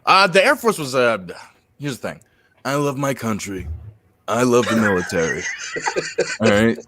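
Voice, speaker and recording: Animated swearing man telling stories. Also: mid-range voice, unhurried, noisy background. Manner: animated storyteller, swearing, laughing often. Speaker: comedian and podcast host. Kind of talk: casual chat.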